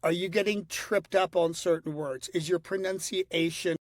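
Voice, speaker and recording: Nasal philly guy, kinda high voice, talks fast and lively with restarts, dry close sound. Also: dry recording. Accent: Philadelphia, with Northeast US nasality. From Philadelphia. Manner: animated, slips into quick voices and quotes, many restarts. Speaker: guest, voice impressionist. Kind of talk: casual interview talk.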